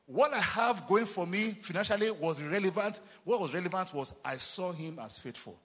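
A Nigerian man preaching a sermon as pastor, emphatic and repetitive, with quick chuckles. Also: high voice, expressive, a bit bright, slightly rough, big-room sound.

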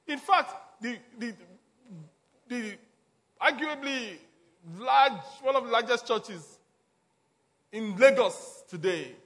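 A man preaching a sermon as a pastor, repeating his points emphatically and chuckling between them. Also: extremely high pitch.

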